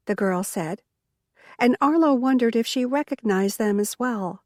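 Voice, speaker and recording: Slow, measured woman narrator. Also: a little high, a little mellow, no echo, studio quality. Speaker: audiobook narrator. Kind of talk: scripted narration.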